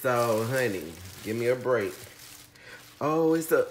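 A man hosting a casual orchid unboxing vlog, effusive, calling viewers honey and shrieking with excitement. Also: mid-range voice, takes it slowly, long pauses. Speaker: orchid channel host. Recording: echoey room, faint background hiss.

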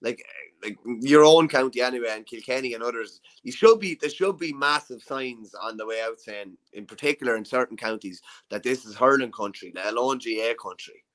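An Irish man co-hosting a relaxed sports chat at an ordinary mid pitch. He talks through his thoughts aloud as he goes. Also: a little fast, poor audio. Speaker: podcast co-host.

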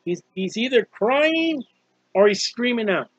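A man's voice: very high-pitched, expressive, measured pace, husky, no room sound, dull audio. A man preaching an informal sermon on a psalm, earnest and conversational, often repeating himself. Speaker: street preacher.

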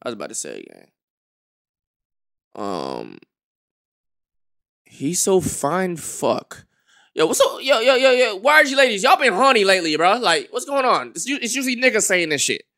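A man streaming a reaction, talking to his chat in an animated way, dropping to a mumble and then getting loud. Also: high-pitched, normal speed, gravelly. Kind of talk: livestream reaction commentary.

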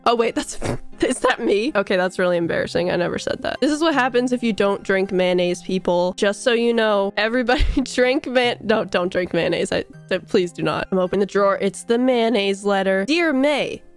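A young woman giving casual, excitable commentary while playing a game, giggling often and tossing out quick silly asides. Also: medium pitch, soft background music. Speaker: gaming video creator.

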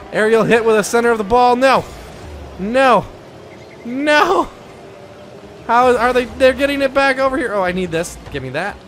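A man giving excitable commentary over his own gameplay, shouting and laughing at near misses and goals. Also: very high voice, brisk, slight background noise. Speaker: gaming YouTuber.

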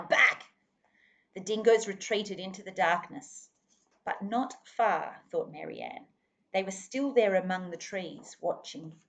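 A woman reading a children's novel aloud expressively, now and then speaking to her listeners. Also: mid-range voice. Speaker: reader.

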